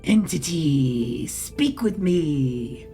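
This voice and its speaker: A player reading a narrative game aloud, voicing a cryptic vending machine in slow, halting, broken phrases. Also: medium pitch, expressive, warm tone, soft background music. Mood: ominous. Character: eerie multitonal vending machine, cryptic and urgent.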